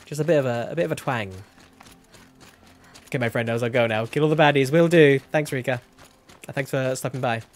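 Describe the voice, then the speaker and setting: A man's voice: mid-range voice, brisk, long pauses, faint music behind. A young man chatting casually while streaming a game, rambling and correcting himself as he goes. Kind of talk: casual gameplay commentary.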